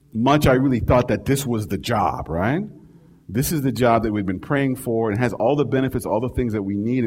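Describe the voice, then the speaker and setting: A man's voice: on the low side, a little mellow. A man preaching a sermon as a personal story, conversational and constantly checking in with "right?". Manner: conversational, keeps asking "right?".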